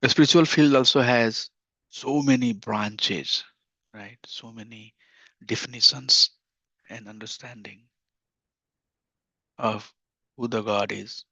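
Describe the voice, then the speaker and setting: An earnest man gives a scripture class in a steady teaching tone. He often repeats his key phrases. The sound is dry and muffled, like a lo-fi recording. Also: mid-range voice, takes it slowly, vocal fry, pauses often, no echo.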